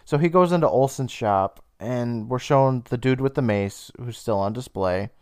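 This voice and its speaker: A young man co-hosting a podcast, casually retelling an episode's plot with laughs and quick bursts of high mock voices. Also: darkish tone, smooth, no echo, clean studio sound. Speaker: podcast co-host. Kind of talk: casual recap chat.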